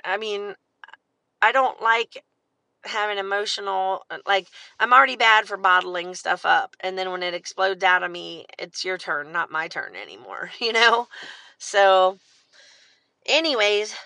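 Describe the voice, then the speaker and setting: A woman's voice: mid-range voice, creaky, dry recording. A middle-aged woman talking casually and emphatically to her followers, swearing often and getting fired up as she speaks. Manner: profane, emphatic, animated. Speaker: vlogger.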